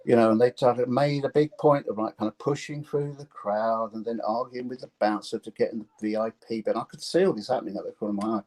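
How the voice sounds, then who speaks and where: A man's voice: medium pitch, steady tone, a little mellow, poor audio. Dry-witted man in his sixties. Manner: halting, restarts, dry sarcastic humour. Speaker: guest musician. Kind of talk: casual interview chat.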